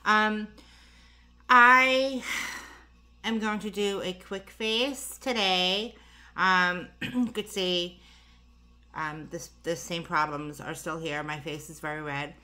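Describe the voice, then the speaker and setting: A woman's voice: fairly low pitch, slow pace, long pauses, bright, forceful tone. A tired, slightly breathless woman chatting casually through a makeup tutorial, rambling with lots of fillers and asides. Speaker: beauty vlogger.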